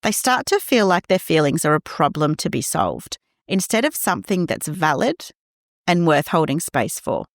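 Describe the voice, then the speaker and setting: Woman, parenting podcast host, gentle and reassuring, lower voice, lively pitch. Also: moderate pace, dry recording, studio quality. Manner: gentle, reassuring, acts out quoted lines. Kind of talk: scripted podcast monologue.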